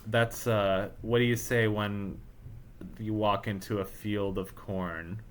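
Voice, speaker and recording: A man's voice: on the low side, steady tone, slight background noise. A man reading a courtroom game's dialogue aloud in a playful let's play, joking and punning between lines. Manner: jokey, riffs and puns between lines, quick asides. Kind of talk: playful let's play narration with voiced characters.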